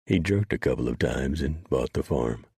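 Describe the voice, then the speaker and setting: A man narrating an audiobook in a steady, unhurried storytelling manner. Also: a bass voice, gravelly, breathy edge, dry recording, clean studio sound.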